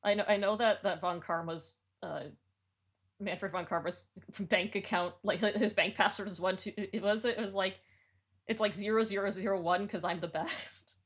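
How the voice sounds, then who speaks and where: A woman streaming live, chatting casually and excitedly about lyrics she is reviewing, with lots of "like" and restarts. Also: medium pitch, normal speed, breathy edge. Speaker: streamer reviewing song submissions.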